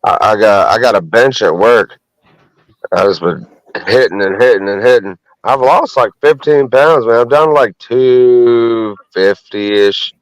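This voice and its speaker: A man's voice: medium pitch, unhurried, no echo, low-quality recording. A man in casual chat, telling crude, laughing stories with lots of swearing.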